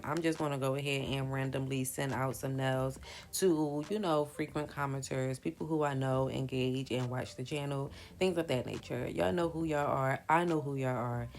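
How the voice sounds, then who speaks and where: Low-voiced chatty woman nail vlogger. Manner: chatty, addresses viewers as y'all, colloquial. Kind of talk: casual chat to viewers while doing nails.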